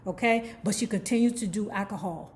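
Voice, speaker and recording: A woman's voice: medium pitch, brisk, a little mellow. A woman hosting her own channel, telling a celebrity life story in casual, gossipy commentary, swearing freely and now and then breaking into song. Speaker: YouTube host.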